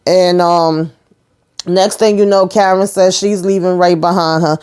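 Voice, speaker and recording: A woman's voice: on the low side, steady tone, a little slow, a little mellow, clean tone. A woman casually recapping a TV episode, retelling scenes with quoted dialogue. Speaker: TV recap host.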